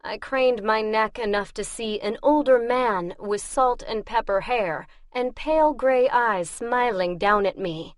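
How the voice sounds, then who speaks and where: Measured woman narrator for a first-person fantasy audiobook; slow, wry delivery. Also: a little high, no echo, studio quality.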